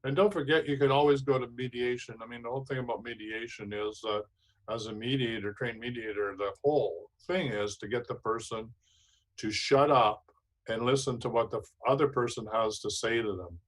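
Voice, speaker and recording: Man, host, emphatic, preachy, repetitive, medium pitch. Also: brisk, rough recording. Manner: emphatic, preachy, repeats phrases. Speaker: show host. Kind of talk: casual advice talk.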